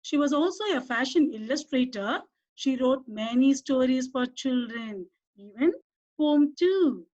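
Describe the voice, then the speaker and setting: A woman's voice: sits high, lively intonation, measured pace, darkish tone. A woman teacher with an Indian English accent giving a lesson to young children, coaxing them with questions and asking them to repeat words. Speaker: primary school English teacher. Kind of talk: online class lesson for children. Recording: dull lo-fi recording.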